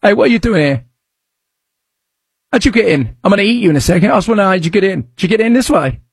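Cheeky zoo cat with a British accent , as a talk host puts it on; husky, raised voice. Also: male voice, high voice, sing-song, racing, no room sound, studio quality, voice pushed up, full character voice. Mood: teasing.

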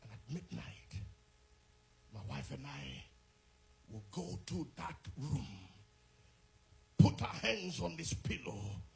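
A middle-aged man from Ghana, preaching a sermon as an animated storyteller who moves from quiet asides to shouted peaks. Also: fairly high pitch, slow pace, vocal fry, long pauses. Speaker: pastor.

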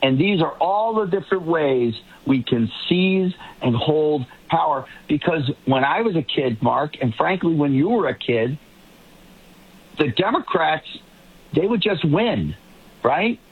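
A man's voice: a little high, animated, unhurried, breathy edge. A man from the Boston area giving emphatic commentary as a guest on a political panel, often restarting and repeating words. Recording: tinny remote line.

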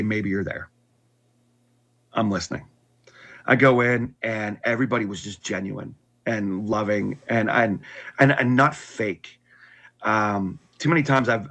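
Casting: middle-aged man with a husky voice, candid and unpolished, sharing a hard personal story. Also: mid-range voice, a bit bright. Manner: candid, with frequent restarts and wry laughs. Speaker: guest telling his conversion story.

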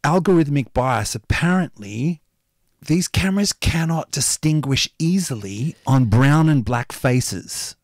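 A man in his fifties co-hosting a casual political discussion, animated and quick to jump in, often trailing off quietly at the ends of phrases. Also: fairly high pitch, dry recording, studio quality. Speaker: co-host.

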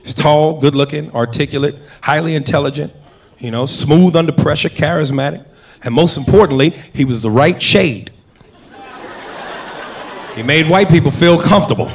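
A man's voice: fairly high pitch, normal speed. A man doing stand-up comedy, talking straight to the audience in a punchy, conversational way. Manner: punchy, conversational, addresses the crowd. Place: comedy club before an audience. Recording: live club recording with crowd and noise.

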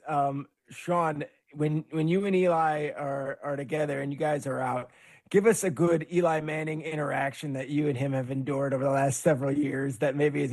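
A man hosting a sports talk show, briskly asking his guests questions. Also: a little high, a little mellow. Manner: brisk, steers to wrap-up questions. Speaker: host. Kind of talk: podcast hosting.

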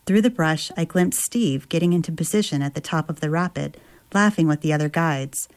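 Speaking in a low-pitched voice, this author and travel writer reads a passage from her memoir before discussing it thoughtfully. She frequently stops to search for words, with lots of fillers and restarts.

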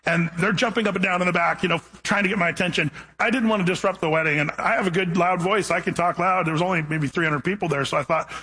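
A male pastor with a husky, fairly high voice tells a story from the pulpit. He talks in a chatty, animated way, with lots of casual asides, and acts out the people in his stories. His tone is bright and forward. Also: quick pace, hardly any pauses, rough recording. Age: middle-aged or older. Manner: chatty, animated, full of asides like "man" and "you know". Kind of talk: storytelling sermon.

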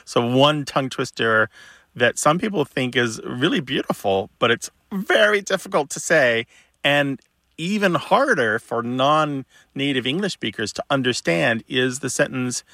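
A man co-hosting a radio call-in show, explaining language in a relaxed, explanatory way. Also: medium pitch, normal speed, gravelly, no echo. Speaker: co-host, word expert.

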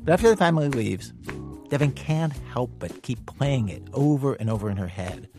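A man narrating a podcast story in a measured, scripted way. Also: mid-range voice, expressive, over music.

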